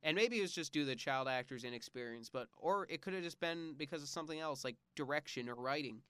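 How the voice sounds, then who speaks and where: A young man with a smooth, clear voice and a slightly higher pitch than most men hosts his own movie-review podcast. He talks casually and bluntly, with lots of filler words. The recording is dry and close to the mic. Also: quick pace, pushed and bright, no echo. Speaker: podcast host.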